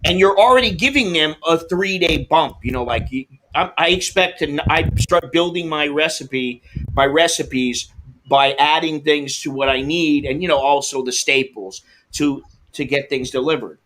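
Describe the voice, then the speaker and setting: A man's voice: fairly high pitch, moderate pace, fairly bright tone. A man hosting a livestream, telling a frustrating delivery story and reading comments, swearing and acting out both sides of the calls. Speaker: livestream host.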